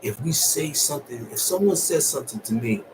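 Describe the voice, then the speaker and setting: A man giving blunt, profane relationship advice in a casual monologue, moving from calm and low to loud and high. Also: brisk, slight background noise, low-quality recording. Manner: profane, blunt street talk with lots of laughing. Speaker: vlogger.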